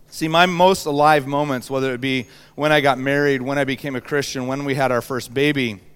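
A man in his thirties preaching a sermon, telling a personal story with lively acted-out voices. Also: a little high, clean tone. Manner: animated storyteller, acts out voices. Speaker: pastor.

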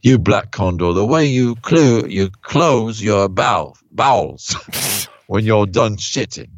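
A man's voice: lowish voice, animated, slow, dry recording. A man cohosting a comedy podcast, delivering mock-solemn insults in improvised bits, on a slightly dull recording.

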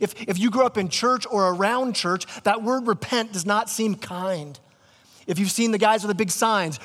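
A man's voice: high-pitched, a bit bright, big-room sound. A man preaching a sermon as pastor, casual and conversational, often restarting his words. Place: church sanctuary.

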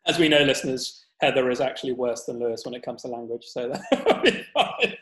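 A man's voice: medium pitch, big pitch swings, brisk, a bit bright, roomy sound, rough recording. A man hosting a podcast, casual, joking and swearing, laughing often. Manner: jokey, sweary, laughs a lot. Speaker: podcast host.

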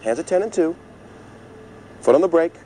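A man's voice: on the high side, lively intonation, moderate pace, dark tone, a little hiss or hum, close to an everyday voice, poor audio. An actor playing an overprotective sitcom father, middle-aged, nervous and bossy, giving anxious driving instructions. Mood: fussy. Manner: nervous, bossy, snaps into sudden yelps. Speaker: father teaching his daughter to drive. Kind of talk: sitcom acting.

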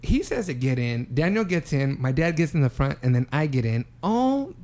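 A man's voice: a little high, moderate pace. A young man casually telling a rambling, profane story on a podcast, acting out what people said. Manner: animated, profane storyteller who acts out quotes. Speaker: podcast co-host.

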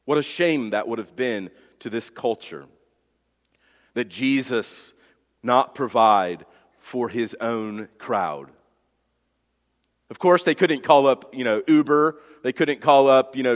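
Male pastor, fairly high voice, emphatic sermon delivery with rhetorical questions, long hall reverb. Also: fairly bright tone.

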